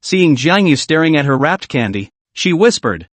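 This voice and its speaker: Male recap narrator, slightly high, lively pitch, dry close voice-over. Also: normal speed, no echo.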